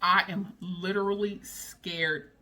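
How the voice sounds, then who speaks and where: Animated woman telling a storytime. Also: fairly low pitch, slow. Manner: animated, dramatic retelling with slang. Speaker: vlogger. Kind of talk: casual storytime.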